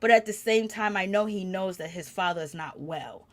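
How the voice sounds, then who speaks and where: A woman giving a chatty, gossipy recap of a reality show, growing animated when she quotes the people in it. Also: medium pitch, normal speed. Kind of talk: casual recap commentary.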